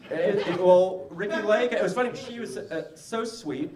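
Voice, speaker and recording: A man answering audience questions at a film screening Q&A, halting and rambling with many restarts. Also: high voice, recorded from a distance, a crowd in the background. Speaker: film writer-director guest. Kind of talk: casual panel Q&A. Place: live screening venue with audience. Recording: echoey venue audio from afar.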